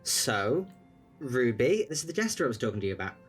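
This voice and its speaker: A man's voice: mid-range voice, very animated, fairly quick, faint music behind, close to an everyday voice. Guy doing a chill chatty young dude at a bar, tabletop game, pretty close to his own voice. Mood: friendly. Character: sociable young man at a bar, brother.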